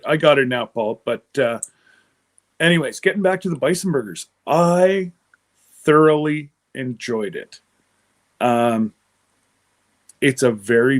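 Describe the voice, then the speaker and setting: Male livestream host from Canada; unhurried, rambling chat with viewers, mid-range voice. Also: mid-range voice. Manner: rambling, answers live chat comments aloud.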